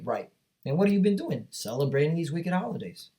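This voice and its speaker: A man's voice: on the high side, sing-song, brisk, gravelly, dark tone. A man teaching from scripture, reading verses aloud and then commenting on them emphatically while often checking in with his listeners. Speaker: Bible teacher.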